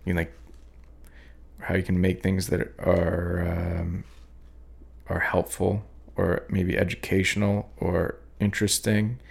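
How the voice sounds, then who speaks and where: A young man with a low, gravelly voice muses slowly about his art, stopping and restarting often. He sounds sleepy, and his words come out unhurried and rough-edged. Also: little pitch movement. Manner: halting, many fillers and restarts. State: sleepy, yawning. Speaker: podcast host reading his poems. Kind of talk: rambling reflective talk.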